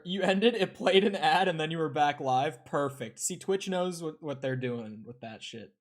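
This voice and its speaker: A young man streaming a video game, chatting casually with his viewers and swearing now and then while he plays. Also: on the high side. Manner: chatty, swears, talks to chat while playing. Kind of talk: casual live-stream chat over gameplay.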